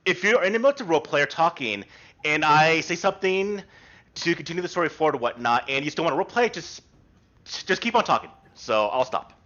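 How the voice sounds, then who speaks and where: This tabletop game master explains rules and narrates casually, wandering a bit but keeping players reassured. He talks briskly in an animated voice on the high side, pushed and bright, heard through a muffled online voice chat with faint background music.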